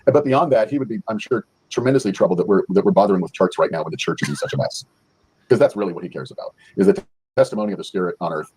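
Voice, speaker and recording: A man in a casual livestream discussion who explains ideas quickly and agrees easily with the others. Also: low-pitched, expressive, darkish tone, breathy edge, low-quality recording.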